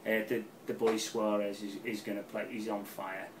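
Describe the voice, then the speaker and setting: A middle-aged man giving a casual, rambling football match preview, excitable and swearing freely. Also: fairly low pitch, normal speed, recorded from a distance, noisy background. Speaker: football fan channel pundit. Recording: roomy, off-mic with faint ambience.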